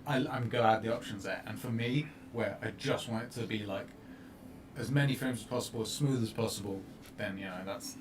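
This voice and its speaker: A man co-hosting a casual livestream, measured and inclined to explain his views at length. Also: lowish voice, noisy background. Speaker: co-host.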